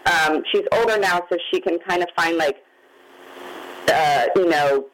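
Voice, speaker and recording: A woman's voice: fairly low pitch, unhurried, fairly bright tone, poor audio. Candid mother telling a hard story. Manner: open, candid, near tears at times. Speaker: guest, magazine founder. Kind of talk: emotional personal storytelling.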